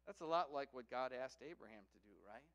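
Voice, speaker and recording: A man's voice: mid-range voice, lively intonation, a little fast, a bit bright. A man preaching a sermon and telling a story, often checking in with a "right?".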